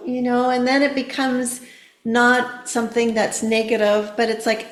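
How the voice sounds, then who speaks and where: Woman, middle-aged, podcast guest, gentle explaining, slightly high voice, roomy echo. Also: level tone, normal speed. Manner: gentle, explaining with many "you know" fillers. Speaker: podcast guest, therapeutic coach. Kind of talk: casual podcast conversation.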